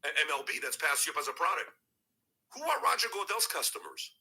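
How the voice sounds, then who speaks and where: A man's voice: on the high side, sing-song, fast, creaky, sharp tone, poor audio. A man hosting a podcast, opinionated sports talk full of pointed rhetorical questions. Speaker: podcast host.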